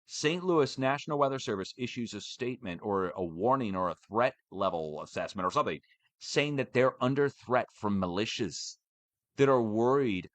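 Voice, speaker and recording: A man giving a casual, animated ranting update for his channel, swearing as he goes. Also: medium pitch, moderate pace, no room sound. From United States. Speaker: channel host.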